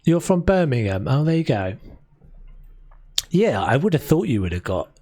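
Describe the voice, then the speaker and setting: A man's voice: fairly high pitch, very animated, normal speed, warm tone, no room sound. A man from South London with a London accent, chatting casually and rambling on a live stream while he builds in a game. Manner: chatty and rambling, with frequent restarts.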